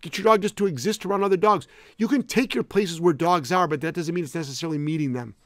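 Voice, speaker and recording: A man's voice: fairly high pitch, quick pace, no echo, studio quality. A middle-aged man, a dog trainer co-hosting a live Q&A, answering bluntly with swearing and jokes. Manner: blunt, profane, joking. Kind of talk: live-stream Q&A chat.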